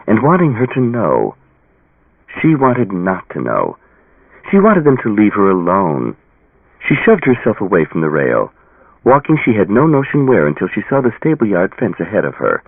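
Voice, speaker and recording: A man narrating an audiobook with a dramatic, expressive reading. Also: sits low, gravelly, slightly rough, dry recording. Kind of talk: scripted narration. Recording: tinny phone-like audio.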